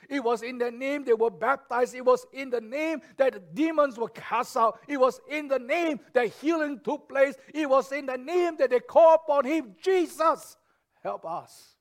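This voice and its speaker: A man preaching a sermon, emphatic and repetitive, moving between loud declarations and quiet, soft lines. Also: very high voice. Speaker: pastor.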